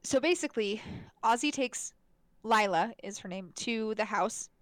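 A woman's voice: fairly high pitch, lively intonation, measured pace, no room sound. A young adult woman in casual podcast chat, recapping a film with many fillers, restarts and frequent laughs. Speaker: podcast co-host. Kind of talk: casual chat reviewing a movie.

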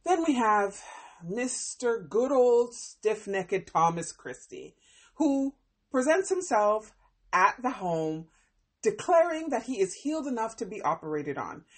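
A woman hosting a podcast that reviews a TV series, talking casually in an animated, expressive way, often exclaiming and laughing. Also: fairly high pitch, measured pace.

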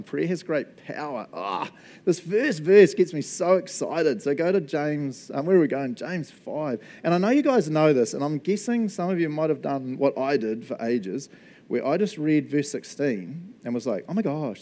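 A man's voice: a little high, lively intonation, normal speed, mellow. A man preaching a casual, enthusiastic sermon, often checking in with the congregation. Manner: enthusiastic, chatty, laughs often, tags lines with "eh?" and "right?". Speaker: pastor.

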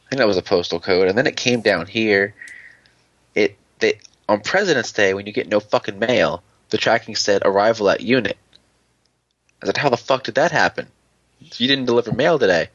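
Rambling low-voiced young man. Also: a bit bright, dry recording, lo-fi sound. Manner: rambling, swears a lot, imitates people in high voices. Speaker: podcast co-host. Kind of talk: casual chat.

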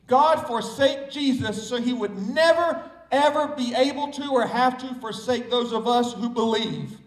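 A male pastor from the Southern United States preaches a sermon in an extremely high voice, taking his time and stressing and repeating key words. He has a Southern US accent, and the recording sounds echoey, with the mic placed far away.

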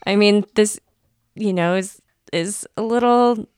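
A woman's voice: mid-range voice, takes it slowly, darkish tone, smooth, no echo. Woman co-host, rambling filler-heavy chat, dry close sound. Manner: rambling, full of "like" and "you know". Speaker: podcast co-host. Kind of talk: casual podcast chat.

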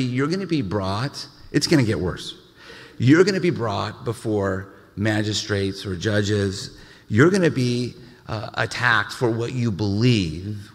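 A male pastor delivers a sermon in an animated style, often stammering and restarting his sentences. His mid-pitched voice rings out with a long reverb, as from a church hall.

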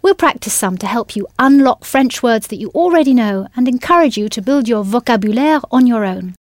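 A woman leads a scripted audio lesson in a patient, encouraging way. Her voice sits a little high and is recorded close and dry, with no room sound. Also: animated, fairly quick, dry recording. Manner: patient, encouraging, spells words letter by letter. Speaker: language teacher.

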